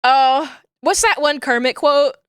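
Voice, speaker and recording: A woman's voice: high voice, a little slow, no room sound, studio quality. A woman streamer chatting casually with her viewers, rambling, giggling often and searching for words.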